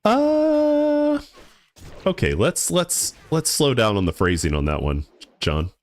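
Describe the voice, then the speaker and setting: Streaming a game, a young man chats casually with his viewers, laid-back and rambling, stumbling and repeating words. His medium-pitched voice swings hugely in pitch, and he speaks slowly.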